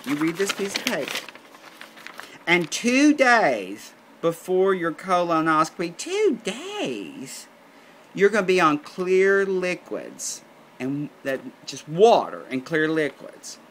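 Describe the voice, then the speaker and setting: A man's voice: a little high, wildly swooping pitch, slow pace, a bit bright, a little hiss or hum, full character voice. A man voicing a bossy middle-aged woman nurse with a German accent, curt and commanding, in a comic story.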